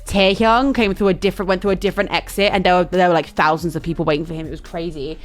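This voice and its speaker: Speaking quickly in a lowish voice, a young woman streamer chats casually through a chaotic travel tale. She's animated, stumbling into fillers and restarting her sentences often.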